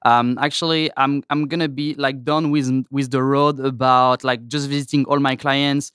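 French guy on a podcast, halting english, smooth clear voice, dry close sound. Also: medium pitch, little pitch movement, fairly bright tone, dry recording. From France. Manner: halting, searching for words. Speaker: guest, regional sales representative. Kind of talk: podcast interview.

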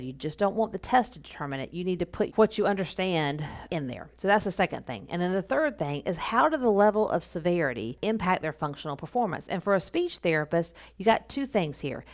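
A woman speech therapist explaining clinical paperwork in a casual, instructional podcast talk, repeating her key points. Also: lowish voice.

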